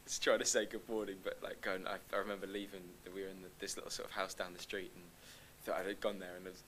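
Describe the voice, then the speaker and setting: Young man, very low voice, rapid hesitant talk with frequent restarts, stage Q&A guest. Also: little pitch movement, a bit bright, a little hiss or hum, rough recording. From London. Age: young adult. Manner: hesitant, restarts often, laughs lightly. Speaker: actor guest. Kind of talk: live Q&A conversation. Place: live stage event.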